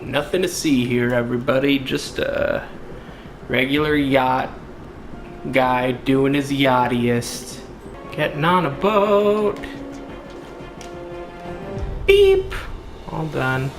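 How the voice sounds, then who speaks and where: Goofy slow-talking gamer man. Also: medium pitch, roomy sound, over music. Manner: goofy, joking, puts on silly voices. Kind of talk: let's play commentary.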